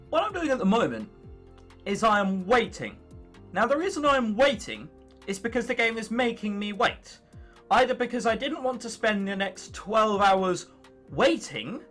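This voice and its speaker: High, lively, exasperated young man ranting. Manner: exasperated ranting with frequent swearing; sarcastic. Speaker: video game let's player. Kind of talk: gameplay commentary.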